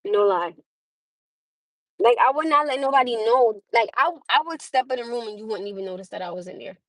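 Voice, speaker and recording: A woman's voice: on the high side, animated, brisk, a bit bright, no echo. A young woman hosting a casual livestream, chatting with viewers, laughing often and greeting them by name. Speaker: livestream host.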